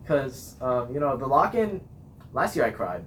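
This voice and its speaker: A teenage boy, a high school marching band student, chatting casually in an interview in a rambling, self-deprecating way. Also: very animated, a little slow, a loud crowd. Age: teens.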